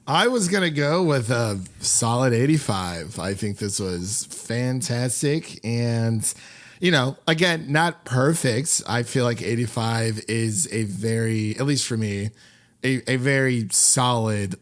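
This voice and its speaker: A man hosts a film podcast, chatting casually, rambling, and laughing often before upbeat sign-offs. His medium-pitched voice is unhurried.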